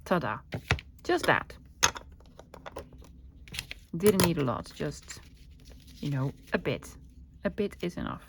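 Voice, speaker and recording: A woman's voice: deep voice, very animated, slow pace, creaky, long pauses, noisy background. A woman with a Dutch accent chatting casually while crafting at her desk, thinking aloud and answering her own questions. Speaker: crafting vlogger.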